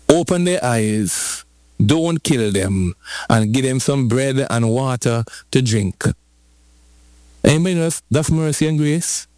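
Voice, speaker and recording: A man preaching a lively sermon, switching into patois and drawing out lines slowly for emphasis. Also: on the high side, dry recording. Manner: animated, rhythmic preaching in patois-flavored speech.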